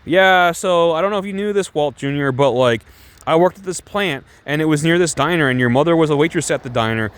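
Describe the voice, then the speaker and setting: A man's voice: on the high side, brisk, clear, resonant tone, no room sound, pitched above the performer's own voice, lightly acted. A man putting on the voice of a middle-aged schoolteacher who drones through a meandering story full of fillers. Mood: droning. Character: rambling middle-aged male schoolteacher telling a dull story.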